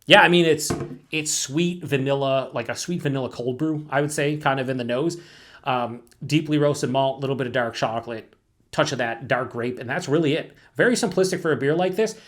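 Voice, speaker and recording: A man's voice: mid-range voice, a little fast. Male beer reviewer, solo vlog, loose and rambling, filler-heavy, casual swearing. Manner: talks to himself with self-mocking asides.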